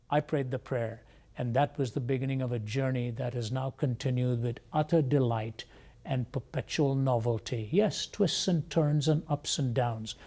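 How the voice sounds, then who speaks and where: A man as an interview guest, telling a personal testimony in a measured, reflective way. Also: mid-range voice, warm tone. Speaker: guest speaker.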